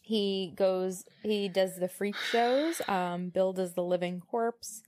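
Speaking in a mid-range, slightly mellow voice, this woman co-hosts a podcast where she reads from a novel and interrupts herself to joke. Her delivery is playful and full of laughter, with pauses on filler words.

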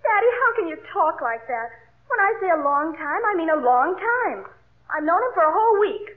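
A dramatic, boy-crazy daughter, with a very high, lively voice. She gushes and overplays every feeling. The sound is a thin, tinny vintage broadcast. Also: moderate pace. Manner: gushing, theatrical. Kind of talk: 1950s radio comedy acting.

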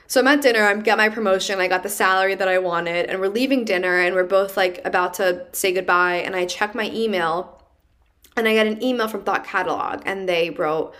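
A woman's voice: medium pitch, a little fast. Chatty young woman telling her story. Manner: chatty and animated, heavy use of "like". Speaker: podcast host. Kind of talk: casual personal storytelling.

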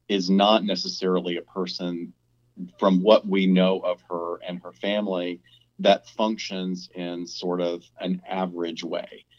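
A low-voiced man co-hosting a casual podcast discussion, thinking out loud and often restarting his sentences. The recording sounds a little dull and lo-fi. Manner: thinking aloud, with frequent restarts. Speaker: podcast co-host.

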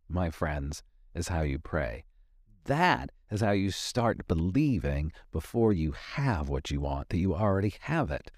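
A man's voice: low voice, big pitch swings, a little slow, darkish tone, no echo, studio quality. A man hosting a motivational podcast, talking emphatically, repeating key lines for weight. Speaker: podcast host and life coach.

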